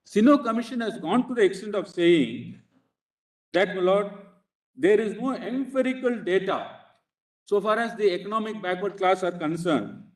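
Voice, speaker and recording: A man with an Indian English accent argues formally before a court bench, insistently calling the judges "Lord" in almost every phrase. His voice sits high, with lively intonation and normal speed. The courtroom is echoey and he is far from the mic.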